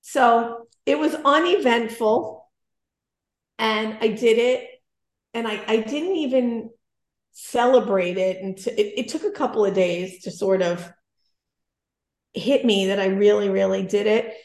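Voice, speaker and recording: A woman in her forties telling a personal story in casual conversation, animated and self-deprecating. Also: fairly high pitch, unhurried, reverberant.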